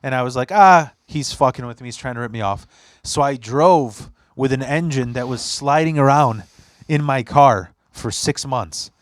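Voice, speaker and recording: A young male podcast host, medium in pitch and normal in speed, shares stories in loose, chatty fashion. He acts out quotes animatedly and curses a lot. The sound is dry and clean, as from a studio.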